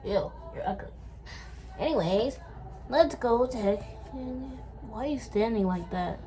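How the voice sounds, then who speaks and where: A woman's voice: fairly high pitch, slow, mellow. A woman playing with paper cats, talking to them and answering in their voices in a playful, bickering way. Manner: playful, switches between bickering cat characters. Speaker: channel creator. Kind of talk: playful paper-cat role-play.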